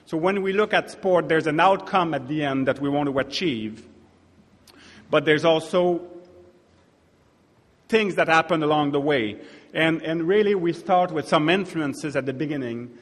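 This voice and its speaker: French-Canadian man lecturing in a hall. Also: on the high side. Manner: hesitant, many restarts and fillers. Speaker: keynote speaker. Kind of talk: academic conference lecture. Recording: echoey hall, long reverb.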